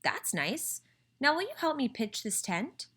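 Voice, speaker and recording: A woman reading a storybook aloud, voicing a cheerful, literal-minded grown woman in a high, lively voice. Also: measured pace, exaggerated voice.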